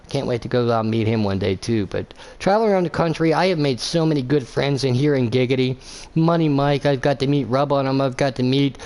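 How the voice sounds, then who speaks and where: A man's voice: medium pitch, darkish tone. A man giving live sim racing commentary as host, rambling and joking with plenty of filler words. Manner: rambling, jokey, lots of fillers. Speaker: race commentator.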